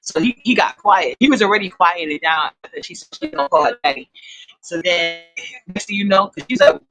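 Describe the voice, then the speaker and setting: A woman's voice: on the low side, expressive, brisk, a bit bright, soft background music, low-quality recording. A woman chatting casually in a vlog, animatedly retelling a story from a city bus. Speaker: vlogger.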